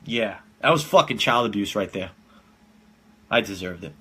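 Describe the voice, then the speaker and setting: A man's voice: fairly low pitch, animated, moderate pace, bright, forceful tone, husky. A man in his twenties hosting a casual live-streamed podcast from home, telling rambling, profane stories and laughing often. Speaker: podcast host.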